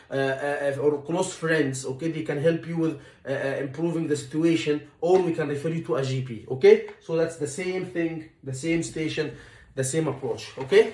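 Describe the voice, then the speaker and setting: A man with a fairly high voice coaches exam candidates, repeating points with emphasis and acting out what to say. He sounds a little distant from the mic, in a roomy, echoey space. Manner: repetitive, emphatic, acts out dialogue lines. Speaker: medical exam tutor. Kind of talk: lecture teaching exam stations.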